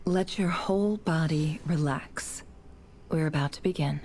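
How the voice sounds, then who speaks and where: A woman's voice: low-pitched, a little slow, a little mellow, a little hiss or hum. An actress voicing a curious young woman adventurer who searches an office in a whisper, whispered role-play. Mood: hushed curious. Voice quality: whispered, gravelly.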